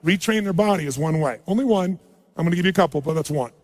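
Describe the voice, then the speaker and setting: A middle-aged man giving a motivational seminar talk to a live audience, telling stories softly and then building to loud rallying calls. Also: lively intonation, fast talker. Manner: storytelling, drops low and soft for emotional quotes, then rises to loud rallying. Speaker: motivational speaker. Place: large hall with live audience. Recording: long hall reverb.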